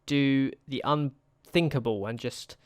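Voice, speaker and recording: A young gaming YouTuber gives casual commentary on a football management game, fretting, pleading with his players and sighing between matches. His smooth, clear voice sits at an ordinary pitch, unhurried and a little mellow. The sound is dry and close with no room sound.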